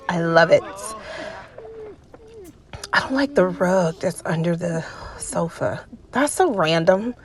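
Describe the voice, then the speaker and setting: Lively, exasperated woman narrating gameplay. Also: lowish voice, takes it slowly, long pauses, slightly rough. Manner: exasperated, animated talking to the game characters. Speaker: let's play host. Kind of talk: gameplay commentary.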